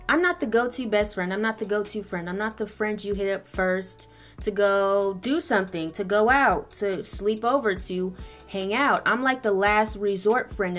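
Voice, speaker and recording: Blunt, profane young woman chatting. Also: medium pitch. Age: 20s. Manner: blunt, profane, animated storytelling. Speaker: beauty vlogger. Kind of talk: casual chat while doing makeup.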